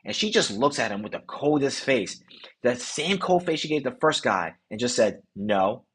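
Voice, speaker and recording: A man hosting a podcast, telling an animated, slangy story about a night out, swearing casually. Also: mid-range voice, normal speed, slight background noise. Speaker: podcast host, dating coach.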